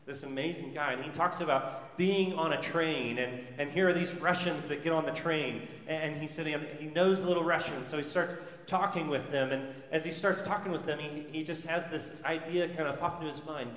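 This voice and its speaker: A man's voice: a little high, a little fast, fairly bright tone. Man preaching in an echoey church hall. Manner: storytelling preacher, repeats words, builds with rhetorical questions. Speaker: pastor. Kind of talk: sermon. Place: church sanctuary.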